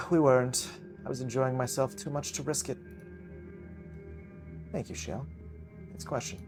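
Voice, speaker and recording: Pompous game gent, grand and wistful, voiced by a man, middling pitch. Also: lightly acted. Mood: wry. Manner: pompous, drawn-out delivery. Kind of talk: reading a visual novel aloud.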